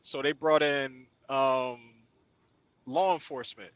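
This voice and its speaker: A man's voice: mid-range voice, fairly even intonation, slow, fairly bright tone, dry recording, muffled recording. A man co-hosting a podcast, chatting in a casual, laid-back way. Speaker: podcast co-host. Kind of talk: casual chat.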